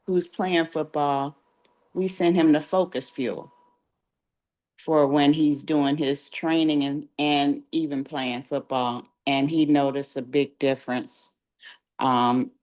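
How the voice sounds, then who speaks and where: Low, slow-talking grandmother. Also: a little mellow. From California. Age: older. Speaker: caller sharing a testimonial. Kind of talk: casual storytelling.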